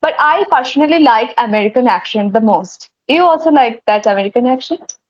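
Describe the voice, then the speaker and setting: Woman, higher voice, earnest host who stumbles and restarts over a dull lo-fi call line. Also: lively intonation, fairly quick. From India. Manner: earnest, hesitant with many fillers and restarts. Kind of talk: casual conversation practice. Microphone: video call.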